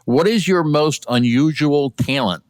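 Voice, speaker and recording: Upbeat interviewer, dry sound. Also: male voice, fairly high pitch, no echo. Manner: upbeat, quick questions, frequent laughs. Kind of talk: casual interview.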